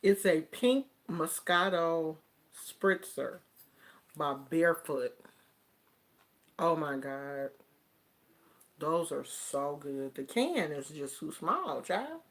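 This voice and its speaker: A woman vlogger chatting casually to camera, telling stories in an animated, drawn-out way. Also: low voice.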